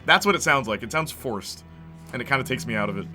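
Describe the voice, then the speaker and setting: A man's voice: mid-range voice, expressive, fast, bright, forceful tone, faint music behind. A man streaming a video game, chatting casually and answering his chat. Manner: chatty, reads and answers chat, laughs often. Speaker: gaming streamer. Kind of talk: casual gameplay commentary.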